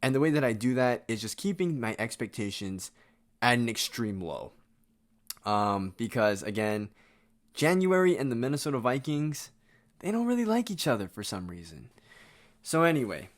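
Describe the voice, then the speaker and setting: A man hosting a sports podcast, delivering a blunt, exasperated and sarcastic rant. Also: mid-range voice. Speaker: podcast host.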